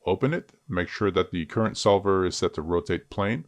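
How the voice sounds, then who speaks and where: In a screen-recorded tutorial, a 3D rigging instructor with a low-pitched voice talks a little fast, chatting and joking at his own expense as he rigs a character. The recording has no room sound.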